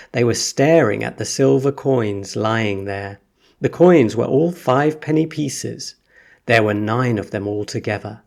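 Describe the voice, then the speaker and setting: A man reading a children's story aloud for English learners in an expressive, unhurried way. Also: medium pitch, gravelly. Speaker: story reader.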